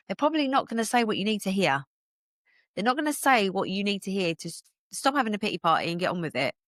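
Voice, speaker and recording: A woman from the UK hosting a solo business podcast, talking in an energetic, emphatic, motivational way and laughing often. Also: lowish voice, dry recording, studio quality. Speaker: podcast host and business coach.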